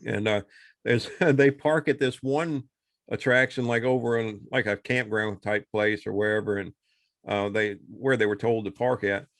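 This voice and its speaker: A man with a fairly low voice retells a movie at a moderate pace, rambling and acting out the characters' quotes with animation. He's a podcast co-host in casual chat, recorded with no echo.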